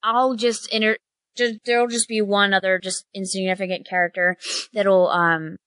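A woman's voice: medium pitch, level tone, normal speed, fairly bright tone, no echo, clean studio sound. A woman running a tabletop game as game master, narrating casually with hesitations. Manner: casual, hesitant, with fillers and giggles.

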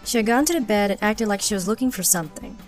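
A woman voicing a young woman on holiday who is uneasy, a little higher and softer than her narrating voice. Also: animated, fast talker, soft background music, natural voice. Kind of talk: storybook narration.

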